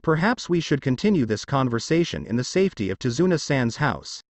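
A man voicing a calm adult ninja teacher who speaks easily to defuse a fight. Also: mid-range voice, a little fast, dry recording. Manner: easy, placating.

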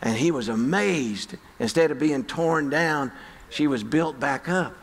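Gravelly preacher in a reverberant hall. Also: male voice, on the high side, measured pace. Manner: conversational storytelling, folksy. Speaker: pastor. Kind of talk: sermon. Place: church sanctuary.

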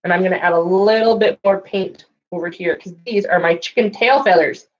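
A woman's voice: medium pitch, brisk, lo-fi sound. A woman librarian reading a farm picture book aloud to young children, asking them questions, then leading a handprint painting craft. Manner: sing-song storytelling, asks children questions. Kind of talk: storytime read-aloud and craft lesson. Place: library, indoors.

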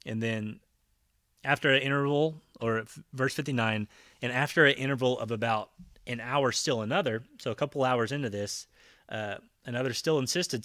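A man's voice: mid-range voice, a bit bright, no room sound, studio quality. A man preaching a conversational Bible-teaching sermon, retelling scenes with voiced quotes and frequent fillers and restarts. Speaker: pastor.

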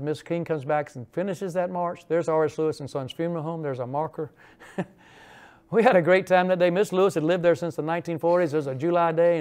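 An older man lectures on local history in a chatty, storytelling way, tossing in asides and questions to the audience. His voice sits a touch high and has a gravelly, creaky edge. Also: a little mellow. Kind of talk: informal history lecture with slides. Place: lecture hall.

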